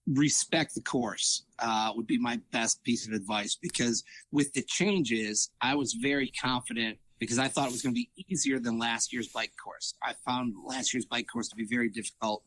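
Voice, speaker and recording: A man's voice: medium pitch, normal speed, few pauses, fairly bright tone. A man, a triathlete guest in a casual interview, telling stories animatedly, acting out quoted dialogue with lots of fillers and restarts.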